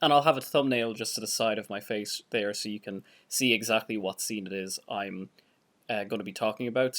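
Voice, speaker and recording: A man's voice: fairly low pitch, a bit bright. A man hosting a reaction video, chatting casually and enthusiastically, laughing often. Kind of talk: casual chat reacting to a show.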